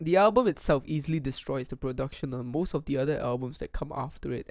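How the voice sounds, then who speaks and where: A man's voice: medium pitch, darkish tone, dry recording. A young man narrating a scripted music album review, enthusiastic and detailed, into a condenser studio microphone at home.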